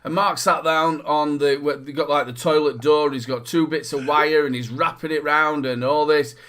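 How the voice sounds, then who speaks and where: A man's voice: on the high side, fairly even intonation, moderate pace. A man with a Northern English accent, co-hosting a casual chat, rambling and repeating words as he tells stories. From Northern England. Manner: rambling, repeats words, bursts into loud mock shouting. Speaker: podcast co-host.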